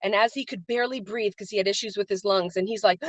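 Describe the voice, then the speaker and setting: A woman's voice: mid-range voice, fairly even intonation, fast talker, dry recording. A woman hosting a live stream and giving an earnest, emotional motivational talk, repeating phrases for emphasis and greeting her viewers by name. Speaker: livestream host and faith-based business coach.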